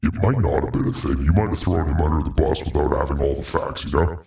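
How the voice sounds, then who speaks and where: A man putting on a calm, lecturing voice of reason. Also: a bass voice, fast talker, creaky, reverberant, distant mic, voice pushed down. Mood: chiding.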